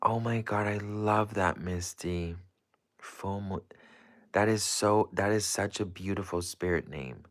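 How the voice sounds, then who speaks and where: Hosting a laid-back livestream, a man reads viewers' comments aloud and rambles on, gushing and effusive, with plenty of "like". His voice is deep and fairly bright in tone.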